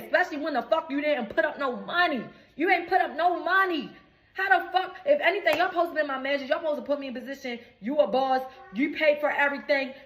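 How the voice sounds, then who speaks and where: A woman's voice: high voice, a bit bright, reverberant. A woman in her twenties, a recording artist, telling a storytime rant in an indignant, profane, emphatic way.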